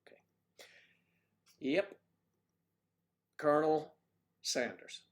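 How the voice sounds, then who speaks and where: A man's voice: a little high, extremely slow. A man hosting a casual livestream who rambles in a folksy way and answers viewer comments. He is from the Mid-Atlantic United States and speaks with no marked accent. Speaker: livestream host.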